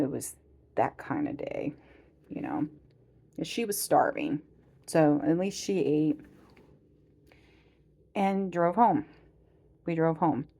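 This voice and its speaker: A woman's voice: deep voice, mellow. A woman in her forties chatting casually in a personal vlog, rambling with many fillers and laughing at herself as she tells stories. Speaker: vlogger.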